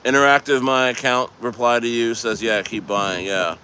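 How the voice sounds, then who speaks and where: A man chats on a live stream from outdoors near the coast, with faint traffic hum behind him. He rambles loosely, answers his chat, laughs easily, and trails off and restarts his sentences. His voice sits at an everyday middle pitch. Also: flat delivery, normal speed, bright, forceful tone. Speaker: crypto livestreamer reading chat.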